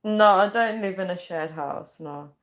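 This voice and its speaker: A woman's voice: lowish voice, measured pace. A young woman chatting casually on a live stream, rambling and reading viewer comments aloud. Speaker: livestreamer.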